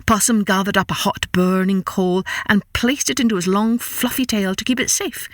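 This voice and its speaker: A woman telling a folktale to children, expressive and playful, voicing sound effects as she goes. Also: medium pitch, moderate pace, no echo, clean studio sound. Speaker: children's storyteller. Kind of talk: storytelling narration for children.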